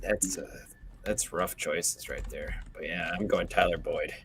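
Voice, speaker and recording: A man's voice: sits low, measured pace, background noise. A man co-hosting a podcast, easygoing, reading listener questions out plainly. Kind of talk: casual sports chat.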